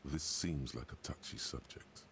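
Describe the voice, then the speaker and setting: An actor playing the brooding inner-voice narrator of a detective game, dry and measured. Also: male voice, exaggerated voice. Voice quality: very deep and gravelly.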